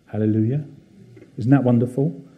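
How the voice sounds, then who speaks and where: A man preaching a gentle, reflective sermon at a church service, with frequent fillers and pauses. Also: mid-range voice, phone-quality sound, a little hiss or hum.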